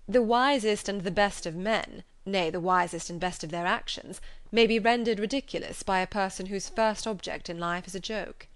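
A woman voicing a proud, reserved gentleman who speaks in a measured, formal way. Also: mid-range voice, lightly acted. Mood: grave.

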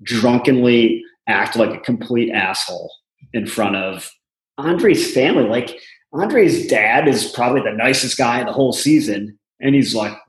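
A man's voice: medium pitch, normal speed. Guy ranting on a podcast, cussing, roomy echoey sound. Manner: indignant, swearing. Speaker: podcast co-host. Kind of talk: casual crude chat. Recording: roomy echo.

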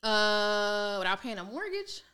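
A woman's voice: medium pitch, a little slow, clear, resonant tone. A woman from Maryland, a financial coach, telling her story in a candid, casual way with slang, acting out what people said. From Maryland, United States. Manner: animated, slangy, acts out quoted voices.

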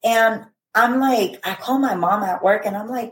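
A woman in her thirties, a podcast guest earnestly recounting a personal story, pausing and restarting with many "like"s and "I remember"s. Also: a little high. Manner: earnest, halting retelling with frequent "like" and "I remember". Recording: roomy echo.

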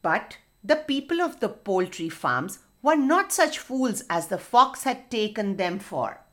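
Expressive woman reading to children. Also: mid-range voice, unhurried. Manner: expressive, addresses children directly. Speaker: children's storyteller. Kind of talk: storytelling to children.

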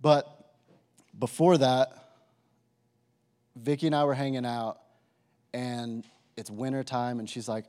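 A young man sharing a personal testimony with a live audience, in a casual, animated way full of filler words. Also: mid-range voice, unhurried, pauses often, clean tone. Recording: reverberant hall.

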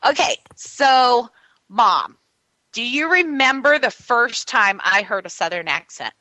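Woman co-host, casual talk-radio chatter, bright, slightly high voice. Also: expressive, takes it slowly, no room sound, poor audio. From California. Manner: chatty, storytelling, many fillers.

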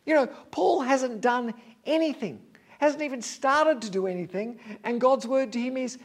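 A man's voice: very high voice, moderate pace. A man preaching a sermon in an earnest, emphatic way, building on repeated phrases.

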